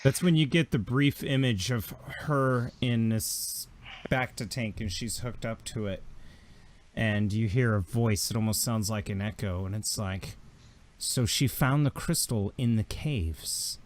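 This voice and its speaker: A man running a tabletop game as game master, describing scenes slowly and atmospherically. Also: lowish voice, steady tone.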